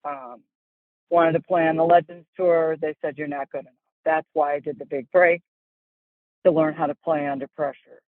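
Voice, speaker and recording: A woman's voice: low-pitched, moderate pace, no room sound. A woman golf instructor, a guest in an interview, telling candid stories and acting out the voices in them. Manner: animated, acts out voices in her stories. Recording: dry, phone-like call audio.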